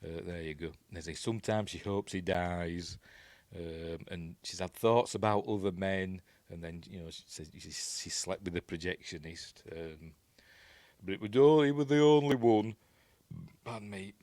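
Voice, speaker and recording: A man's voice: low-pitched, normal speed, darkish tone, no echo. A man with a Yorkshire accent giving a casual, rambling film breakdown, full of fillers and restarts. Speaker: film reviewer.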